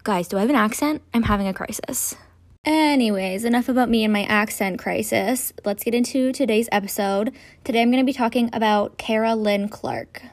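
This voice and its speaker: A woman's voice: a little high, fairly quick. A young woman hosting a true-crime podcast, talking casually with swearing and self-deprecating asides. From Ontario, Canada. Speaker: podcast host.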